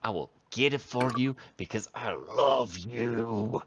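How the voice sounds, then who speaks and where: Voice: medium pitch, lively intonation, slow pace, muffled recording, a crowd in the background. A man voicing a rambunctious short human barmaid woman who gushes and swears cheerfully. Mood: gushing. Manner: gushing, flirty, swearing.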